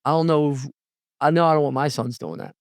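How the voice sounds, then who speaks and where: Animated, storytelling podcast host man. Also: quick pace, no room sound, clean studio sound. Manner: animated storyteller, acts out quotes with pitch jumps. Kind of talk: casual podcast conversation.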